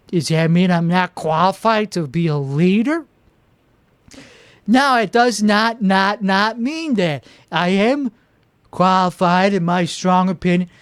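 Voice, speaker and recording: A man's voice: high voice, clear, resonant tone, no room sound. A man playing a self-important, clueless would-be politician who hosts a comic monologue, rambling and boastful and stumbling over his restarts. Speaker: comedy show host. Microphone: two microphones.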